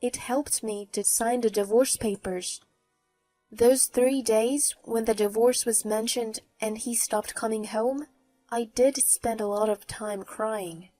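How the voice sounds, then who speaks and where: A woman narrating her own story in the first person, with a mocking, even tone. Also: fairly high pitch, takes it slowly, no room sound. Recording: faint background music.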